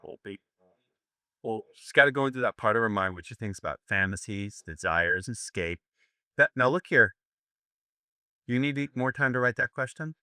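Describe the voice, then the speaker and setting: A man's voice: mid-range voice, animated, moderate pace, pauses often, pushed and bright, no echo, studio quality. An older American man giving a live seminar lecture, brash and profane, joking with his audience. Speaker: seminar instructor.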